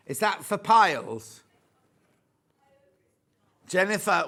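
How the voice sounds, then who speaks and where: A man's voice: a little high, very animated, extremely slow, long pauses, a bit bright. An English man presenting a live shopping show, chatting jokily, reading out viewer messages and showing fabrics. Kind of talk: live home shopping chat. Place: TV studio.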